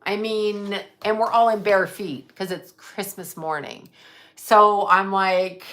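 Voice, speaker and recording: A woman's voice: medium pitch, fairly even intonation, takes it slowly, fairly bright tone. A middle-aged woman hosting a casual livestream, venting bluntly with profanity and reading viewer comments aloud. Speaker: livestream host. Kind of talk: casual live chat.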